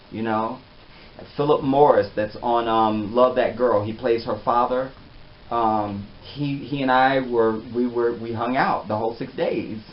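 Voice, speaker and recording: Man, mid-pitched voice, casual animated storytelling, slightly muffled audio, faint hiss. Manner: chatty, animated, trails off softly.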